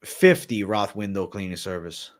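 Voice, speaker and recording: A man's voice: low voice, normal speed. A man from Massachusetts with a Boston accent, hosting a casual livestream, reading chat aloud and answering it with lots of swearing and "bro". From Massachusetts, raised in Florida. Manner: swears freely, reads and answers chat, says bro a lot. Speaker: livestream host.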